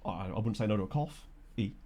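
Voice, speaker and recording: A man's voice: on the low side, fast talker, mellow, slight background noise. A man with a chatty, jokey manner, live-streaming a management game and reading out stats while talking to chat.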